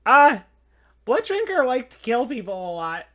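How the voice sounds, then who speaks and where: A woman's voice: a little high, very animated, normal speed, fairly bright tone. A woman playing a forgetful old companion who rambles and trails off hesitantly. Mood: vague. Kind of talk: tabletop role-play.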